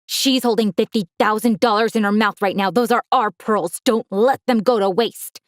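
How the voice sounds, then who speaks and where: A woman's voice: medium pitch, moderate pace, no room sound, studio quality, lightly acted. A woman voicing a greedy, scheming middle-aged uncle who speaks coldly.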